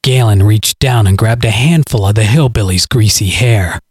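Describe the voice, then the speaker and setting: A man reading his own audio story aloud as its narrator, in a dramatic, expressive way. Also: fairly low pitch, normal speed, husky, no room sound, studio quality. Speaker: podcast author and narrator.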